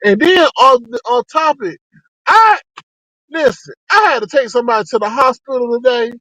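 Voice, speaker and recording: A man giving sassy, animated live-stream commentary to his chat. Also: moderate pace, no room sound, poor audio. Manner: sassy and animated, with sharp pitch swings.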